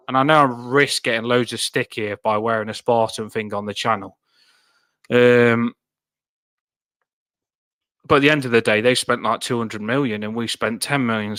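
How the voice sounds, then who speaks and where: A man co-hosting a fan football channel, chatting casually with jokey, excitable banter. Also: medium pitch, no echo.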